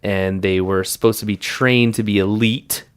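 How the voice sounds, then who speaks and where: A man's voice: lowish voice, fairly even intonation, moderate pace, clean tone. A man co-hosting a podcast, chatting casually and rambling with fillers and laughs. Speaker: podcast co-host. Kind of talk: casual chat.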